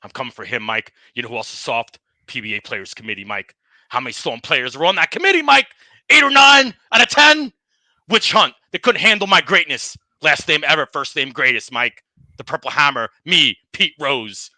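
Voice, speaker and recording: A man's voice: medium pitch, big pitch swings, brisk, sharp tone, no echo. A man voicing a tough-talking bowling ball in a comedy podcast skit, griping and boasting as he trash-talks and keeps saying the host's name. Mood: defiant. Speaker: guest.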